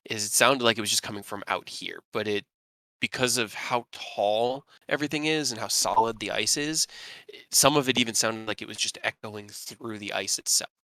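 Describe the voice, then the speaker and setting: A man runs a tabletop game and describes scenes in a casual, rambling way, with lots of restarts. His voice is bright and smooth. The sound is dry and close to the mic. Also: on the low side, moderate pace, dry recording. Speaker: game master.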